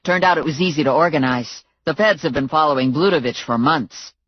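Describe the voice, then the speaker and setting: A steady, capable security man, as a woman narrator plays him explains things in a low, even voice. Nothing rushes him. The recording is dry and slightly muffled. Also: no room sound. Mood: calm. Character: calm, capable male security expert.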